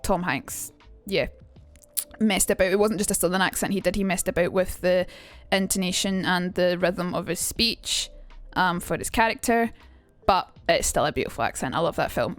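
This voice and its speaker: A young woman with a Scottish accent chatting casually on a live stream, quick and swearing now and then. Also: on the low side. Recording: dry room, faint music.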